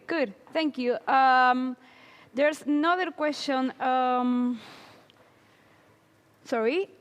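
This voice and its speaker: A woman's voice: on the high side, long reverb tail. A woman moderating a conference Q&A, reading out audience questions politely with some hesitation.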